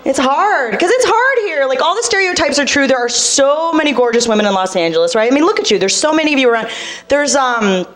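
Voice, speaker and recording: A woman from Boston performing a stand-up comedy set, talking fast and making fun of herself. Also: high voice, expressive. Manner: rapid, self-mocking, acts out other people's voices. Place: comedy club stage. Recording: live club set with loud audience.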